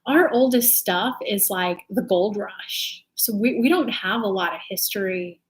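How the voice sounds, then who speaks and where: A woman's voice: medium pitch, unhurried. A young woman from California chatting casually on a livestream, rambling and laughing as she talks. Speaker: livestream host, tarot reader.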